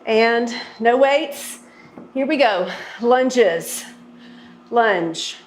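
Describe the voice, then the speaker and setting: A woman's voice: fairly high pitch, expressive, drawn-out words, reverberant, slight background noise. A woman fitness instructor guiding a workout and stretch, coaching and encouraging as she goes. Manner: encouraging, coaching through moves.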